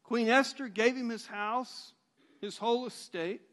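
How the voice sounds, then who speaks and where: A man's voice: very high voice, unhurried, fairly bright tone. A male pastor retelling a Bible story in a sermon, animatedly acting out the characters' voices.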